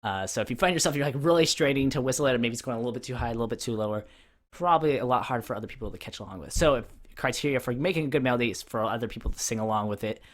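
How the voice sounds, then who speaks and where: A man talks through songwriting tips in a loose, unscripted tutorial. He wanders a little, leans on fillers, and hums short rhythms to demonstrate. His voice sits at an ordinary middle pitch. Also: very fast. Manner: relaxed, rambling, many fillers, hums rhythms aloud. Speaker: music producer teaching. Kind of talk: casual tutorial talk.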